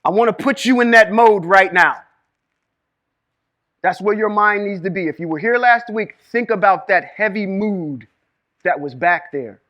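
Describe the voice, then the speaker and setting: A man teaching Hebrew reading and scripture to a live group, lively and quizzing the room with questions. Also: sits high, a little slow. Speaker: Bible teacher. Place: room with a small live audience.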